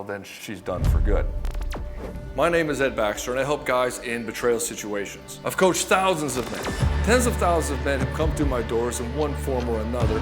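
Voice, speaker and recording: A man coaching other men on relationships, talking straight to the camera in a blunt, confrontational way, swearing often and mimicking the men he criticizes. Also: medium pitch. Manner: mocks men by mimicking them. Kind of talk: direct-to-camera coaching talk.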